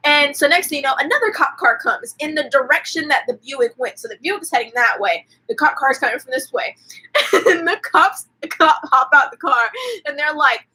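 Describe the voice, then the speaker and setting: A woman's voice: high-pitched, lively intonation, brisk, bright, forceful tone, poor audio. A woman hosting a casual live movie recap, chatty and profane, with lots of "like" fillers. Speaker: host.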